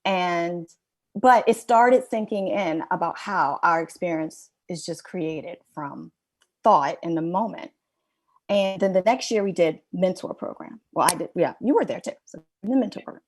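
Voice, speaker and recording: Candid middle-aged woman, lower-pitched. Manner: candid, rambling, heavy use of "like" and "you know". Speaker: podcast guest. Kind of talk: personal storytelling in conversation.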